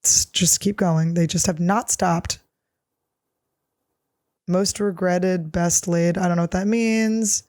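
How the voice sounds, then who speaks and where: A woman's voice: lowish voice, fairly even intonation, slow, pauses often, darkish tone, dry recording, studio quality. A woman comedian in her thirties, answering listener questions in a casual solo chat, blunt, crude and self-mocking.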